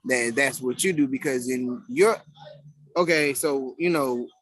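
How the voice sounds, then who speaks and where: A man's voice: mid-range voice, measured pace, a bit bright, no echo. A father on a video call in a casual group discussion, speaking hesitantly and searching for words.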